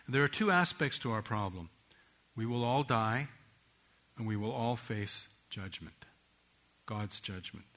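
A man preaching a sermon in an earnest, measured way, slowing down to stress key phrases. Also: mid-range voice, fairly bright tone.

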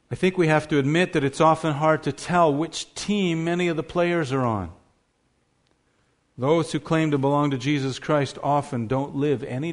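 Guy preaching a sermon, kinda high voice, leans hard on key words. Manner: emphatic, rhetorical questions, stresses key words.

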